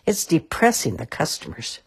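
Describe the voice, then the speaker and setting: Woman doing a gruff, blustery store boss. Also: sing-song, moderate pace, full character voice. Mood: grumbling. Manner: blustery, booming. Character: gruff grumbling older male store owner.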